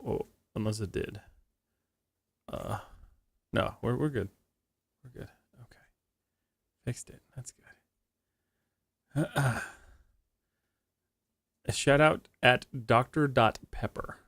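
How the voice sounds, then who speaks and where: A man's voice: medium pitch, takes it slowly, creaky, long pauses, a bit bright, no room sound. A man chatting casually on a live stream, rambling and joking while reading chat aloud. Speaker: livestreamer. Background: music playing on stream.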